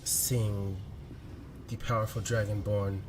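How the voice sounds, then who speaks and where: A man's voice: fairly low pitch, little pitch movement, slow, background noise. A man voicing a devoted male lover reading out a tender, teasing farewell letter in a tabletop game.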